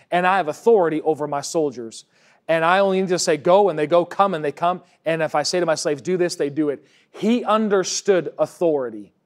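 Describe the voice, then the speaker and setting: A male pastor preaching a church sermon, reading scripture aloud between emphatic, conversational points. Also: fairly high pitch. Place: church service.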